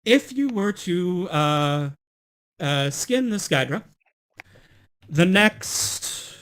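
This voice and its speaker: A young man running a tabletop game as game master, unhurried and halting, with many fillers. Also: high-pitched, lively intonation, fairly bright tone, clean tone.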